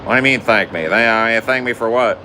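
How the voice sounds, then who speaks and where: A man's voice: mid-range voice, brisk, sharp tone, slight background noise, voice pushed up. A man doing an impression of a laid-back male podcast host, drawling and reassuring a caller. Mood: soothing.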